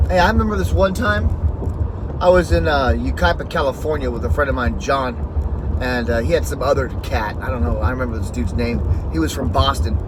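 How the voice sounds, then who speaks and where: A man's voice: mid-range voice, fairly quick, noisy background. A man telling a personal story in a rambling, profane, laid-back way. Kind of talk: casual spoken anecdote.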